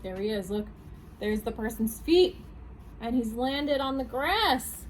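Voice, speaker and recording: Woman, children's librarian, storytime reader: slow, sing-song, higher voice, keeps asking the kids questions. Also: a little hiss or hum, low-quality recording. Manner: animated, asks young listeners questions. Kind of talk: reading picture books aloud at a storytime.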